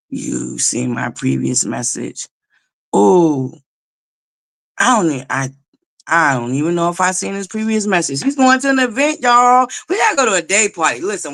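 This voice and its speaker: A woman's voice: mid-range voice, a bit bright, no room sound. A woman hosting a casual livestream chat, talking straight to her viewers in a sassy, joking way, laughing often. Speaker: livestream host.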